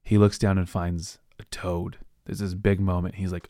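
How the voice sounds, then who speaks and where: Male podcast host, low voice, dry close sound, loose rambling book chat. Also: little pitch movement, warm tone, dry recording. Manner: rambling, acts out characters with quick voices. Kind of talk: casual book recap monologue.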